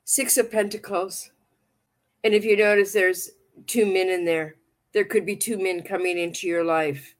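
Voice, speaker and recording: This tarot-reading livestream host speaks at a normal speed in a mid-range voice with fairly even intonation. She keeps the chat casual, rambling affectionately and circling back to repeat herself.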